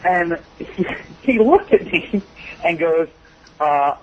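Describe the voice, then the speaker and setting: Man, wrestling interview guest, rambling storyteller, laughs a lot, somewhat high pitch, muffled lo-fi radio sound. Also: lively intonation, slow pace, a little hiss or hum. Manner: rambling, laughs often while telling stories.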